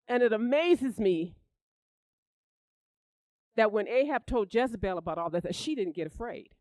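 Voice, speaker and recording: Preacher, sermon delivery, animated storyteller, mid-pitched, dry close sound. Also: normal speed, no room sound, rough recording. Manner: animated storytelling, rising loud for emphasis; repeats words and restarts.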